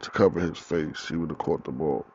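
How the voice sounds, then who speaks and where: This is a young man on his podcast, recounting a story outdoors in lively, profanity-laced street talk, with four-wheelers passing nearby. His very deep voice moves at a moderate pace. The audio is lo-fi and dull, with faint vehicle noise.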